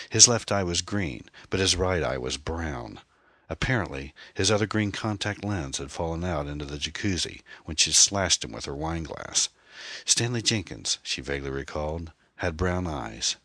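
Deep, husky male audiobook narrator. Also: expressive, moderate pace, bright, forceful tone, no room sound.

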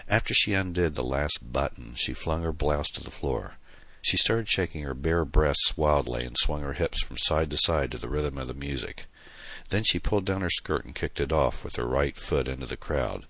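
Very deep-voiced male audiobook narrator. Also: lively intonation, normal speed, sharp tone, dry recording. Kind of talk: scripted narration.

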